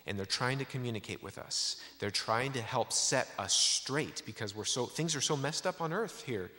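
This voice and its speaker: A man's voice: medium pitch, lively intonation, moderate pace, bright, forceful tone. A man voicing an earnest businessman convinced of alien theories, insistent and listing claims one after another, in an echoey hall.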